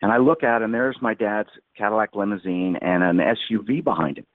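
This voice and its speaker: A man's voice: fairly low pitch, a little fast, no echo. A man in his sixties, a podcast guest, telling a long story in a rambling, vivid way and acting out the quotes. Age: 60s. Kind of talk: anecdotal storytelling in a podcast interview. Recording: tinny phone-like line.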